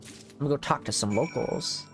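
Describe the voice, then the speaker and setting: A man's voice: medium pitch, normal speed, soft background music. A man streaming a game, chatting casually and joking with its characters. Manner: jokey, chats with game characters. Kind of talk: casual gameplay commentary.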